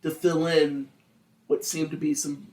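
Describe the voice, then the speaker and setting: A podcast host telling a true-crime story in a casual, animated, crude way. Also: medium pitch, measured pace, recorded from a distance. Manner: animated, crude, acts out quotes.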